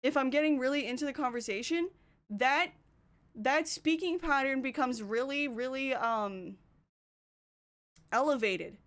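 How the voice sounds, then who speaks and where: A woman's voice: high-pitched, measured pace, pauses often, a bit bright. A young Canadian woman streaming, chatting casually in a rambling, self-interrupting way with a Canadian accent. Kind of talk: casual chat.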